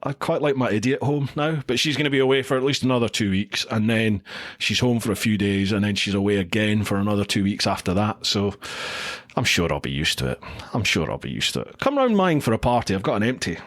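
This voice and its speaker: A man's voice: fairly low pitch, brisk, a bit bright. A middle-aged man hosts a casual livestream chat, reading out viewer comments and greeting each viewer by name. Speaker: podcast host. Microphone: studio mic into a recorder.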